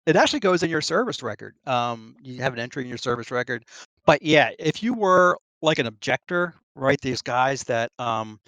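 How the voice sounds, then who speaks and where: A man's voice: medium pitch, lively intonation, moderate pace, fairly bright tone, dry recording. A middle-aged Navy veteran being interviewed over a voice call. He tells his story casually, full of ums and restarts, and laughs between phrases. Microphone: online voice call.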